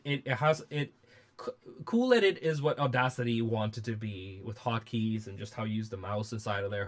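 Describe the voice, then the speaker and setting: Rambling man hosting a studio livestream. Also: medium pitch. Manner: rambling, swears freely, many restarts. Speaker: music producer and livestream host. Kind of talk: casual livestream chat.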